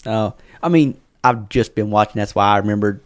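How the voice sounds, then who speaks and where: Quick, chatty male podcast co-host with a lowish voice, loose and filler-heavy. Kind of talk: casual chat.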